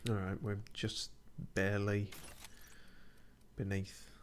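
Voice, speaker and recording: A man with a slightly low voice plays through a game on stream, narrating casually as he goes. He mutters to himself with dry, sarcastic asides. A faint hiss sits under the recording. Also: completely flat delivery, slow pace. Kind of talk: casual let's-play commentary.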